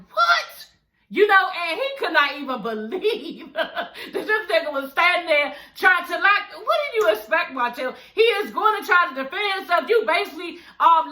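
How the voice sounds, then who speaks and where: A woman's voice: extremely high pitch, pushed and bright. A woman giving a blunt, sassy, profane recap of a reality show in casual commentary. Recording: echoey room.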